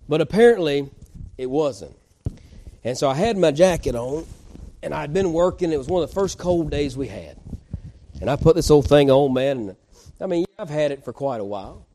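A man's voice: medium pitch, dark tone. A man preaching a folksy, conversational sermon, acting out the voices in a Bible story. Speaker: pastor.

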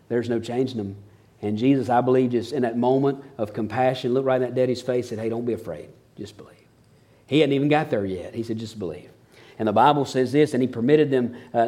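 A man, preaching a sermon in a folksy, storytelling way and acting out the people in it. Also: mid-range voice. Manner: folksy, animated storytelling with dramatized quotes. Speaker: pastor.

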